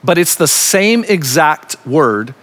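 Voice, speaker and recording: Male pastor, slightly high voice, preaching emphatically and conversationally, leaning on key words. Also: sing-song, slow pace, fairly bright tone. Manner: conversational asides. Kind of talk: recorded sermon teaching.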